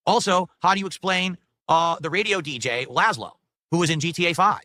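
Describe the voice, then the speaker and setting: A man's voice: on the high side, a little fast, bright, forceful tone, no echo. A man recapping a video game trailer as a YouTuber, matter-of-fact with dismissive asides.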